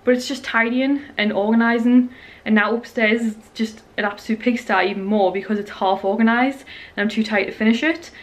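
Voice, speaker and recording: A woman's voice: a little high, steady tone, brisk. A young woman, talking casually to her camera at home in a rambling, chatty way. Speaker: vlogger. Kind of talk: casual home vlog chat. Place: at home, indoors.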